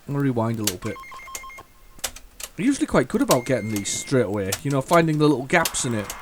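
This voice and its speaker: A man rambles through casual gameplay commentary, thinking aloud and restarting his sentences. His pitch swings a lot, with excitable bursts. A faint hiss sits under his voice. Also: fast talker. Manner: excitable bursts over the game. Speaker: retro gaming channel host.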